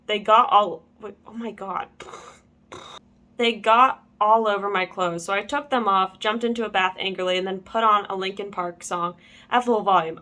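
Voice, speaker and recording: A young woman reads a fan story aloud and breaks off for joking commentary. She giggles often, trips over words and rereads them, all at a middle pitch. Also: sharp tone. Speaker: channel host.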